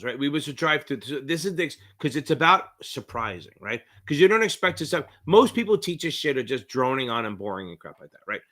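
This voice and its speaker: A middle-aged man with a New Jersey accent, tutoring on a live-stream Q&A in a rambling, profane, excitable way. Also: a little high. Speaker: exam prep tutor.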